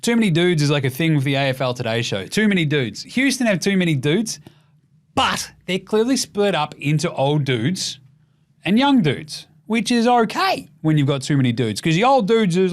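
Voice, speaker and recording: A young Australian man hosting a casual sports show, sweary and jokey as he rattles through his takes. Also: fairly high pitch. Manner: fast, sweary, jokey, animated. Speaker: podcast host.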